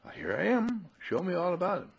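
Man voicing a patient mother, gentle, coaxing, raised pitch, husky. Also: a little fast, heavily acted. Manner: calm, kindly coaxing.

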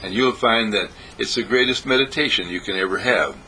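A man giving a spiritual meditation talk, gentle and repetitive, with sing-song emphasis. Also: fairly low pitch, a little fast, slight background noise, poor audio. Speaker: spiritual teacher. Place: monastery breakfast table.

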